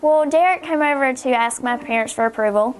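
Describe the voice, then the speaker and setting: Lively woman with a higher voice. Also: fairly quick. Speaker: family member interviewed. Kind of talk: interview. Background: soft background music.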